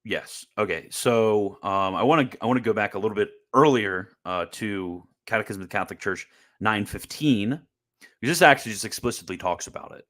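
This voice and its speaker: A man's voice: fairly low pitch, fairly quick, fairly bright tone. A young man giving casual, combative commentary on church teaching, sarcastic and full of restarts. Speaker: Catholic commentator.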